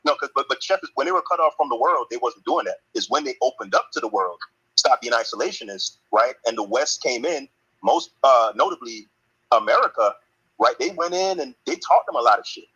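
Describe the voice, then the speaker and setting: A man's voice: mid-range voice, lively intonation, fairly quick, bright, forceful tone, slightly rough, muffled recording. A man pushing back in an online voice chat debate, talking over the others.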